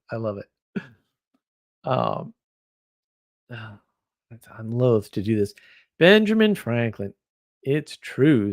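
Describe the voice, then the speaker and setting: A man hosts a casual livestream and answers viewer comments as they come in. He talks in a rambling, opinionated way. His voice sits at an average pitch and swings between loud bursts and quiet asides. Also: vocal fry. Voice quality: rambling, opinionated, quick shifts in loudness. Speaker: livestream host.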